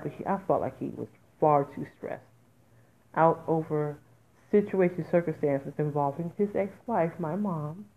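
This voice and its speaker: A woman with a low, gravelly voice hosts a podcast and talks from the heart. She speaks in an informal, conversational way and keeps breaking into raw, emphatic bursts. The sound is thin and tinny, as if it came through a phone line. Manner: raw, candid, emphatic with sudden loud outbursts. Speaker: podcast host. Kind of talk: emotional personal monologue.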